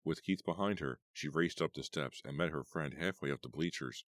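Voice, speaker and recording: Narrating an audiobook, a man tells the story expressively in a rumbling low voice at a moderate pace, with no echo.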